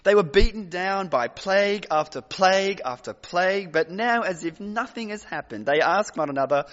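A man preaching a sermon as pastor, emphatic, with dramatic pauses and repeated phrases, in a large hall. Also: high voice, animated, a bit bright. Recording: dull recording with long hall reverb.

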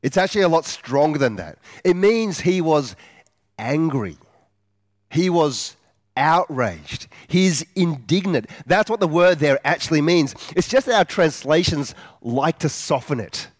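Guy preaching a sermon, slow and earnest, asks the listeners lots of questions, dry close sound. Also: fairly high pitch, lively intonation, no room sound. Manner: slows down for emphasis.

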